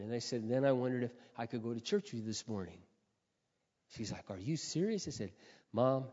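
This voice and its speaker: Preacher, male, earnest storytelling sermon that builds to loud exhortation, long reverb, muffled lo-fi sound. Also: medium pitch. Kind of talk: testimony sermon.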